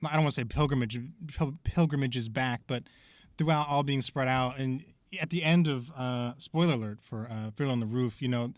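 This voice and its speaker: A man's voice: medium pitch, fairly quick, no echo. A man co-hosting a podcast, talking in a rambling, thoughtful way with lots of fillers. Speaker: podcast co-host. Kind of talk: casual podcast discussion.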